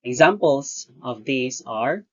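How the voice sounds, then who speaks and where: Slow, deliberate teacher on a lo-fi recording. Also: mid-range voice, lively intonation. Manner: deliberate, pauses often between phrases, corrects own wording. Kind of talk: recorded lecture-style lesson. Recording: dull lo-fi voice recording.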